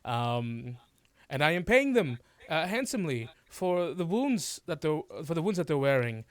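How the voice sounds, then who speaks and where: A man's voice: fairly high pitch, very animated, a little slow, voice pushed up. A man voicing a smug, scheming male elf author who talks in a fawning, showy and wordy way. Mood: gloating.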